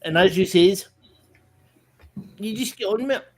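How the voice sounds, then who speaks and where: Rambling Scottish man, slightly high voice. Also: unhurried, poor audio. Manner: rambling, restarts, emphatic. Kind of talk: casual livestream chat.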